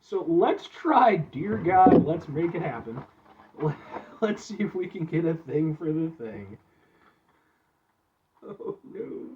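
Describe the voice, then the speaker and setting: A man from Illinois reviewing frozen food from a chair in his back room, talking to his viewers in an excitable, chatty way. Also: fairly high pitch, a little slow, lo-fi sound, background noise. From Illinois, USA. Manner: excitable, chatty, keeps addressing viewers as folks. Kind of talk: casual food review vlog. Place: back room at home, seated.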